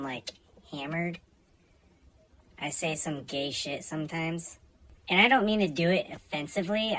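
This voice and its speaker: Bright-voiced woman telling comic stories. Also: low-pitched, slight background noise, rough recording. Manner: animated, swings loud and soft. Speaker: comedian. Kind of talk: comic storytime monologue.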